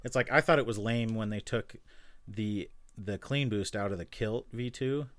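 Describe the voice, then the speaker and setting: A man's voice: on the low side, no room sound. A man co-hosting a podcast, chatting casually and joking about guitar gear. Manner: joking, quick asides, often laughing. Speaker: podcast co-host.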